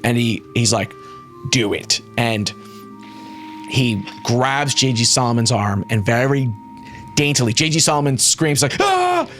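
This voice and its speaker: A man's voice: medium pitch, measured pace, faint music behind. Man narrating as a game master. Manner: animated storytelling, frequent fillers.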